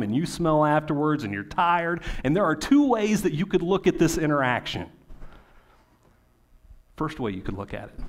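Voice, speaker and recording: Male pastor, mid-pitched voice, conversational sermon delivery with pointed questions and pauses. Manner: conversational preaching with rhetorical questions and emphatic pauses.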